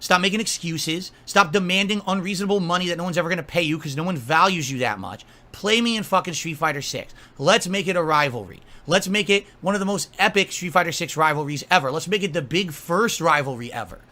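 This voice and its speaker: A man's voice: fairly high pitch, fast talker, few pauses, bright, forceful tone. A man delivering an angry, profane rant, scolding and mocking someone directly. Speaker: streamer.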